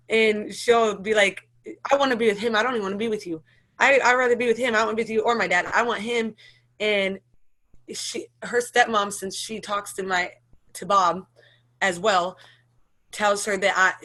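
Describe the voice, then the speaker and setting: A woman's voice: mid-range voice, fairly bright tone. A woman in her thirties with an American accent, telling her personal story in an emotional, rambling way with many restarts and nervous laughs. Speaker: interviewee.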